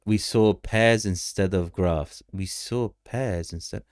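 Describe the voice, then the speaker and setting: A man's voice: lowish voice, slow, darkish tone, no echo, studio quality. A young man hosting a casual crypto livestream, rambling through charts, greeting viewers in the chat and laughing often.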